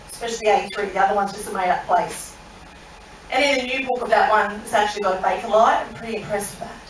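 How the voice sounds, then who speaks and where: A medium-pitched Australian woman gives a chatty, interactive lesson in a large room on a cruise ship, questioning her audience and laughing at her own anecdote. Her voice comes from far off in a very echoey hall, with a little background noise.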